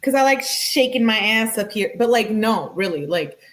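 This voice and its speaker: A woman hosting a casual true-crime commentary, reading out text messages and reacting in a chatty way, full of "like" and quick laughs. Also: a little high, animated. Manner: chatty, filler-heavy with frequent "like", laughs often. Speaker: true-crime YouTuber host.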